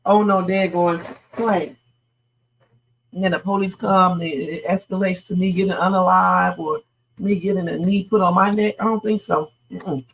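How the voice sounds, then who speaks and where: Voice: medium pitch, steady tone, moderate pace, vocal fry, fairly bright tone, slight background noise. A livestream host giving blunt, profane reaction commentary and talking straight to the viewers.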